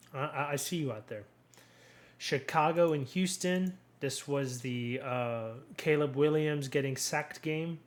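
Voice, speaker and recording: A young man hosting a casual solo sports recap, rambling and blunt, swearing freely and restarting his sentences often. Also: medium pitch. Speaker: sports commentary host.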